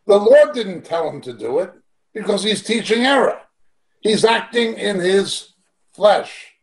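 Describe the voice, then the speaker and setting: A man's voice: high-pitched, low-quality recording. Emphatic man teaching the Bible. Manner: emphatic, repeats key phrases. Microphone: video call.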